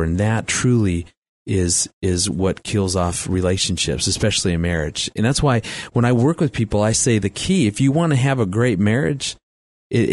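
A man's voice: lowish voice, a little mellow, no room sound. A middle-aged man speaking on marriage and family, telling stories with a chatty manner, laughing often and restarting sentences. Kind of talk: storytelling talk with faith references.

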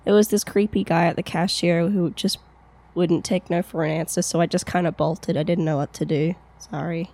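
A woman's voice: fairly low pitch, level tone, mellow, close to an everyday voice. A woman playing Lakshmi, a hesitant young daughter. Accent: Australian. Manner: halting, stammering.

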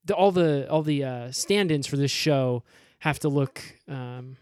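A man co-hosting an improvised comedy podcast, deadpan and halting, with lots of ums. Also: medium pitch, no echo.

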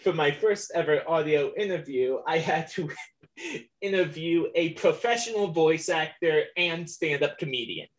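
A man's voice: a little high, animated, unhurried, poor audio. A man hosting a podcast interview, hesitant and full of fillers, laughing often. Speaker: podcast host. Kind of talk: casual interview.

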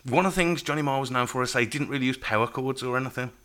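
A man hosting a casual music podcast, chatty and quick to laugh, reading notes aloud. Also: mid-range voice, bright, forceful tone. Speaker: podcast host.

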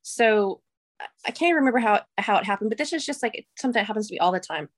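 Woman, podcast co-host, relaxed chatty talker who laughs easily and trails off mid-thought. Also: mid-range voice, quick pace. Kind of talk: casual chat.

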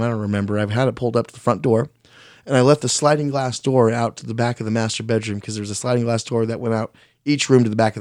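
A man's voice: on the low side, a little mellow, no room sound, studio quality. A man on a podcast telling a personal story in a casual way. He is blunt, swears constantly, mocks himself and often restarts his sentences. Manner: blunt, profane, self-deprecating, restarts often; speaks his mind plainly.

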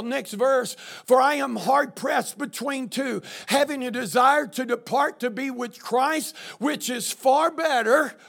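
Gravelly high-voiced man preaching a sermon. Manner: preaching, often shouting with rising intensity. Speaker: pastor.

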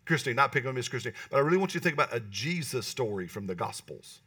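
Bright-voiced pastor preaching from afar. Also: male voice, mid-range voice, rapid-fire, husky, far from the mic. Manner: animated, talks to the congregation with calls like "right?". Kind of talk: sermon. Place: church hall.

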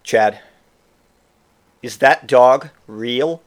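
A man voicing his very drunk young friend, who talks slowly and seriously. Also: medium pitch, close to an everyday voice. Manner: slow, flat and serious.

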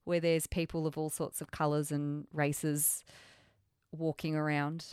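A woman's voice: low voice, little pitch movement, a little mellow, clean tone, dry recording, studio quality. A woman co-hosting a podcast, chatting casually about a film and laughing easily. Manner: laughs easily, quick asides. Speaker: podcast co-host. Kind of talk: casual movie discussion.

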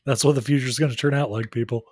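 Casting: man, podcast co-host, wry and chatty, husky tone, dry sound. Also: medium pitch, fairly even intonation, quick pace, a little mellow, no room sound. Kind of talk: casual chat.

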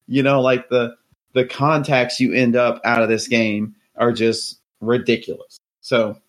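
A male podcast host talking casually, circling and restarting his sentences as he tells a story. His voice sits at a plain middle pitch, neither deep nor high. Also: level tone, unhurried. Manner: rambling storyteller, lots of restarts and fillers.

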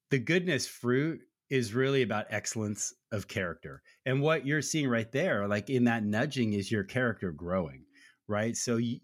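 A man with a mid-range voice talks about faith on a podcast. He is earnest and conversational, and he keeps checking in with his co-host. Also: mid-range voice. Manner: earnest, conversational, often adds "right?". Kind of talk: casual faith discussion.

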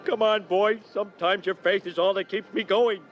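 An actor voicing a bumbling, excitable middle-aged cartoon dad who talks in gushing bursts. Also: male voice, sits high, moderate pace, highs cut off, faint music behind, close to an everyday voice. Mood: excited. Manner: gushing, overexcited.

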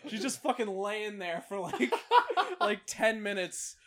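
A man's voice: sits high, sing-song, takes it slowly, a bit bright. A young man in casual chat, telling blunt, profane stories.

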